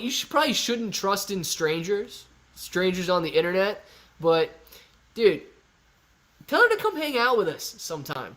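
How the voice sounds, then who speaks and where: A young man from Ohio chats casually on a live stream, his voice pitched a little above the usual male range. He reads viewer comments aloud and riffs on them in an easygoing, bro-ish way, close to a desk mic. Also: fairly bright tone. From Ohio, USA. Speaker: livestream host answering chat.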